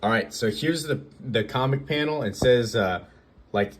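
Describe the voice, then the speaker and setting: An excited man recaps a comic book page by page and gushes over the art. His voice sits at an ordinary male pitch. The sound is dry and close, with no room echo. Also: moderate pace. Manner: excited, gushing, reads character lines with slight voices.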